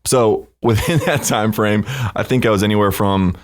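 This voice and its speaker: An easygoing man with a lower voice, a guest on a casual podcast. He talks through his story in a conversational way, with plenty of fillers. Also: normal speed. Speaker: podcast guest, company co-founder.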